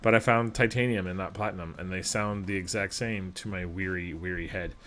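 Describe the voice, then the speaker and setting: A man's voice: sits low, steady tone, brisk, fairly bright tone. A man from Alberta giving casual, rambling, self-deprecating commentary over a video game as host of his channel. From Alberta, Canada.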